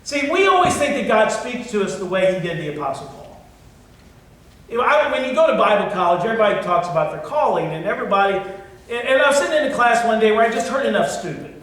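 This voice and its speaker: A middle-aged man preaching a blunt sermon as pastor, going from loud, forceful passages down to soft, quiet ones. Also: high voice, sing-song, fast. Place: church sanctuary. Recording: echoey hall from far off.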